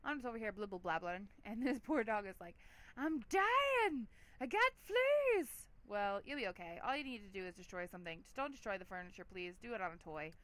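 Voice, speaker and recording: A woman's voice: mid-range voice, animated, fast talker, few pauses, a bit bright, no room sound. A woman hosting a let's play, giving chatty, giggly gameplay commentary with a lot of "like".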